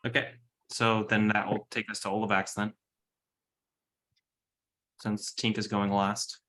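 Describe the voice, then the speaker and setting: A man's voice: on the low side, level tone, measured pace, pushed and bright. A man running a tabletop role-playing game as game master, describing attacks and giving rulings in a matter-of-fact way.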